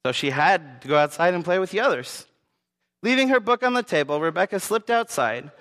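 A man narrates a story aloud, earnest and gentle, at times turning to his listeners. His voice sits a little high for a man, and a long reverb rings after it. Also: big pitch swings, brisk.

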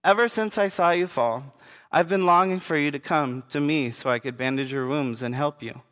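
A man playing a calm, tender father. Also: a little high, normal speed, long reverb tail, lightly acted. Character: warm patient loving father.

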